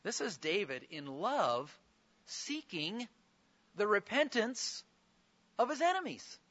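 A man's voice: sits high, big pitch swings, slow, fairly bright tone, highs cut off. A man preaching a sermon, explaining scripture with earnest, pleading emphasis.

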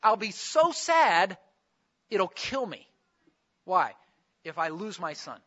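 Male pastor, sermon, chatty with questions; high, sharp-toned voice on a dull recording. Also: big pitch swings, slow. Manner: conversational preaching with rhetorical questions.

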